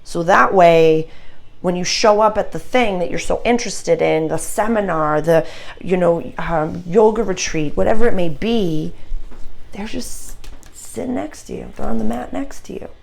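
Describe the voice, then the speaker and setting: Woman, young adult, astrologer, casual monologue, effusive, gravelly fry, lowish voice. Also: normal speed. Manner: effusive, gushing, warm encouragement.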